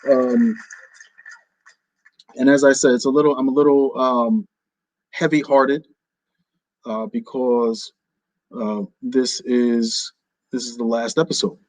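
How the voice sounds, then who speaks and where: A man from New Jersey hosts a business radio show with a joking, overdramatic flair. His voice sits at an ordinary pitch and is recorded dry and close, with no room sound. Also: little pitch movement, slow pace, long pauses, darkish tone, no room sound, low-quality recording. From New Jersey, USA. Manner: playful and theatrical, jokingly overdramatic. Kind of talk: casual radio talk.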